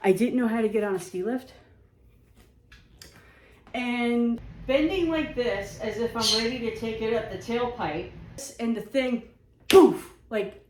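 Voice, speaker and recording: A woman telling funny personal stories in a casual, animated, self-mocking way. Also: fairly high pitch, far from the mic, a little hiss or hum. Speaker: storyteller. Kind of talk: casual storytelling. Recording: echoey room.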